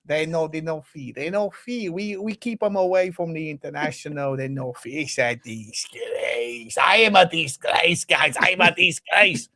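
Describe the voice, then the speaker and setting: A man's voice: a little high, unhurried, hardly any pauses, pushed and bright. A man putting on a comic impression of a despairing foreign football manager who speaks broken English and wallows in self-pity.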